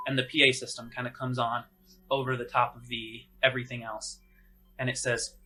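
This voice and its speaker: A man's voice: mid-range voice, steady tone, moderate pace, pushed and bright, husky, low-quality recording. A man narrating as game master of a tabletop game, in a casual, rambling way with many fillers.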